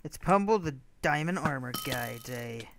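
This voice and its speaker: A man's voice: on the high side, animated, moderate pace, creaky, background noise. A young man chatting casually while gaming, mostly mumbly and wry, with sudden laughing outbursts. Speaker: gamer. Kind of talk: casual gameplay chat.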